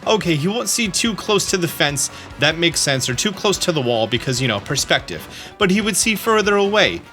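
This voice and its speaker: A young man hosts a game playthrough with joking, rambling asides. His voice is high and animated, and faint game music plays behind him. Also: moderate pace. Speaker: let's play host. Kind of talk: gameplay commentary.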